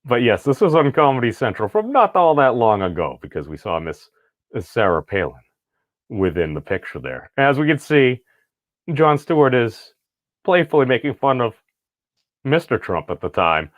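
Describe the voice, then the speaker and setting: A man's voice: mid-range voice, very animated, moderate pace, no echo, studio quality. A middle-aged man hosting a casual online commentary video, talking in rambling, wry asides.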